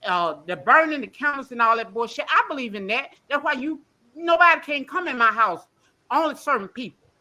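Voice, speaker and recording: A woman calls in to a livestream, ranting emotionally, bluntly, and with lots of swearing as she rambles on. Her voice sits high and expressive, brisk, with a sharp tone.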